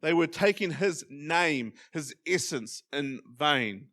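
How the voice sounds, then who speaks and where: A man with a New Zealand accent preaching a sermon as pastor, emphatic, swinging from loud stresses to quiet asides. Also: a little high, lively intonation, slow pace. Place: church hall.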